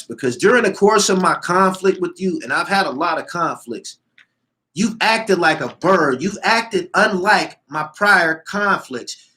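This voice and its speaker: A man's voice: a little high, animated, a little slow, fairly bright tone. Heated, profane man ranting. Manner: profane, heated, repeats lines for emphasis. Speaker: show host. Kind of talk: rant reading and answering comments.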